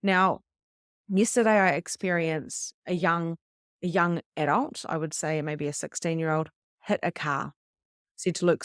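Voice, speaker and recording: A woman's voice: on the low side, moderate pace, no room sound, studio quality. A middle-aged woman, earnestly teaching a wellness session in a conversational way, sometimes acting out little stories. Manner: earnest, conversational, with acted-out anecdotes. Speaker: spiritual coach.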